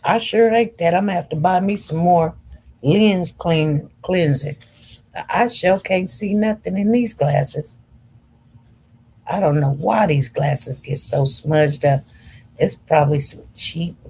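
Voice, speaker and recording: A woman hosts a casual livestream and reads viewer comments aloud. She talks slowly and wanders from point to point. Her manner is chatty, and she keeps turning to her audience as y'all. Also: on the low side, mellow, slight background noise. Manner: chatty, slow and meandering, addresses viewers as y'all. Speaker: livestream host.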